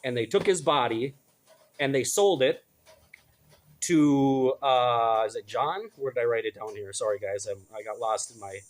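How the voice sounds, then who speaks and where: A middle-aged man with a medium-pitched voice reads the news aloud at a measured pace, offering blunt, casual commentary. He stumbles over names and corrects himself along the way.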